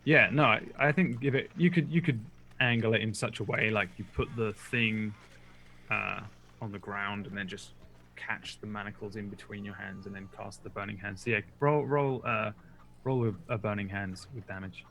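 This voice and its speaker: A man narrating a tabletop game as game master, relaxed and rambling with filler words. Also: fairly low pitch, moderate pace, creaky, a little hiss or hum.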